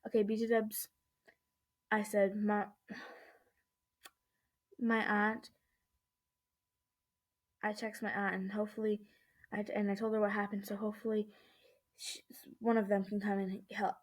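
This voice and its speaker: At home, a woman records a storytime vlog into her laptop webcam mic, her mid-range voice level and unhurried, with frequent pauses. Still shaken and uneasy, she rambles through the story with plenty of "I was like" and nervous restarts.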